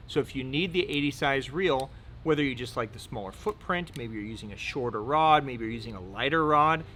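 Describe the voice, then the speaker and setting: Man, host, casual product rundown, joking, upbeat, mid pitch, faint background noise. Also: bright, forceful tone. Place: indoor room.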